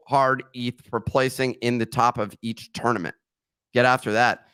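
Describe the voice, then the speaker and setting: A man's voice: medium pitch, a bit bright, clear, resonant tone, no room sound. Joking, rambling podcast host man. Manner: rambling, joking asides, slips of the tongue. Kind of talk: casual podcast chat with ad read.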